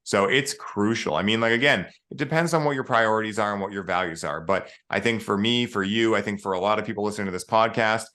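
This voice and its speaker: A man's voice: fairly low pitch, quick pace, hardly any pauses, pushed and bright. A man speaking as a podcast guest in casual conversation, earnest and spiritual, with the odd swear word.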